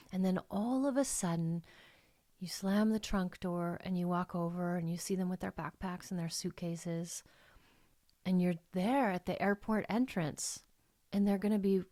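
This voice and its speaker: A woman's voice: lowish voice, a little mellow, no echo. A middle-aged woman hosting her own podcast, talking in a heartfelt, emotional and rambling way, full of "like"s. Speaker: life coach and podcast host. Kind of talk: personal podcast monologue.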